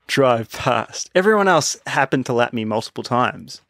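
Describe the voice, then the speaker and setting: A man talking casually on a podcast, mid-pitched and easygoing. He rambles through his story with frequent laughs, close to a dry, dead microphone. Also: lively intonation, normal speed, a bit bright, dry recording. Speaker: podcast co-host. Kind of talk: casual chat.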